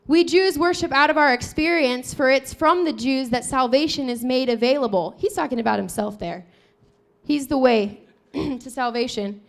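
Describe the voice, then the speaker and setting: High-voiced woman preaching an animated sermon. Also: moderate pace, gravelly. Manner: animated, acting out scripture dialogue with shifting voices.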